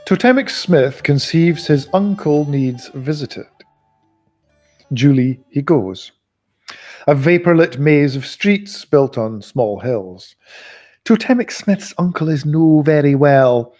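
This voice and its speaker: A man reading a novel aloud in a live reading, expressive and giving the characters voices. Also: a little high, takes it slowly, soft background music. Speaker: audiobook reader.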